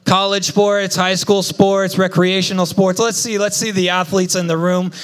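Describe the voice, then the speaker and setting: A young adult man preaching a sermon as pastor, telling lively personal stories and calling out to the congregation. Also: high-pitched, moderate pace. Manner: lively storytelling with congregation call-outs. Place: church.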